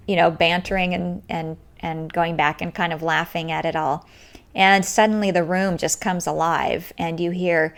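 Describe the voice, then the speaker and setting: A woman hosts a podcast and tells a story in a lowish voice with a gravelly edge. She speaks earnestly and leans on her words for emphasis. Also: steady tone, moderate pace. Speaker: podcast host. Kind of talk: storytelling monologue.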